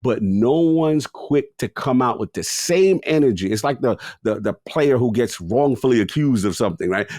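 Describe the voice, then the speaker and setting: A man co-hosting a gaming podcast in casual chat, slangy and animated, jumping into louder acted-out bits. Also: mid-range voice, normal speed, hardly any pauses, no echo, studio quality. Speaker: podcast co-host.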